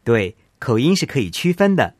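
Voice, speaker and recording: A man's voice: medium pitch, very animated, normal speed, no echo, clean studio sound. A man co-presenting a language programme, asking curious questions and summing up for learners. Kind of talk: scripted educational presenting.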